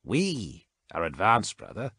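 Male narrator playing a sardonic warrior: very low, slow, husky, deadpan. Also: no room sound, heavily acted. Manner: deadpan, dry sarcasm.

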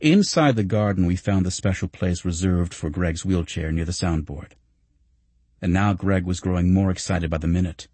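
A man narrating a nonfiction audiobook in a measured, reflective way. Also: deep voice, a little mellow, dry recording.

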